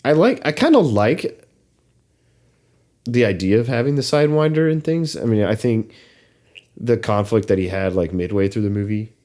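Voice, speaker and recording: Rich: A halting, hesitant man talking in a fairly low voice, often stopping and restarting his sentences. He is a podcast co-host in a casual film discussion. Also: lively intonation, darkish tone.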